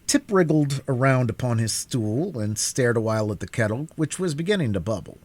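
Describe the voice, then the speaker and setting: A man's voice: mid-range voice, sing-song, a little fast, darkish tone. A man reading a classic children's book aloud in a live stream, narrating expressively. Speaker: reader.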